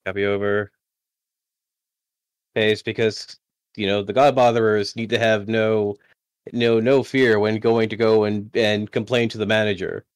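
A man's voice: fairly low pitch, level tone, a little slow, long pauses, clear, resonant tone, no echo. A man playing a tabletop game over voice chat, rambling, self-deprecating and often restarting his sentences. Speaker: player.

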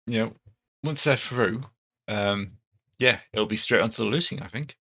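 A man's voice: fairly low pitch, normal speed, bright, forceful tone. A man with a Stoke-on-Trent accent, running a tabletop game in a laid-back, casual way. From Stoke-on-Trent, England. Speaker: game master.

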